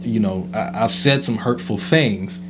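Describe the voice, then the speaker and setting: A man's voice: on the low side, measured pace. A man co-hosting a relationship podcast in a laid-back, rambling casual chat full of fillers, with a hum behind him. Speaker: podcast co-host.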